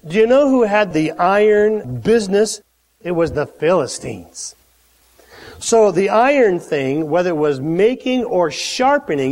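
A pastor preaching a sermon, acting out the Bible characters' lines in a lively, conversational way. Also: male voice, high voice. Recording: long hall reverb.

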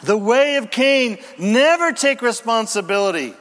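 Male pastor, sermon, lively swooping delivery, unhurried, long church reverb. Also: very high-pitched, noisy background. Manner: dramatic, reads scripture aloud with croaking frog asides.

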